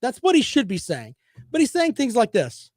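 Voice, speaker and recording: A man's voice: very high voice, huge pitch swings, moderate pace, darkish tone, dry recording, clean studio sound. A man hosting a sports talk show, delivering opinionated, sarcastic commentary in a combative, rambling way.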